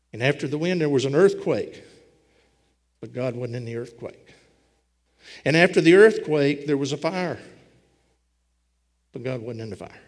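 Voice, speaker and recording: A man preaching a sermon as a pastor, with a folksy storytelling manner. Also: mid-range voice. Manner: folksy storytelling preacher, voicing scripture characters. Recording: long hall reverb.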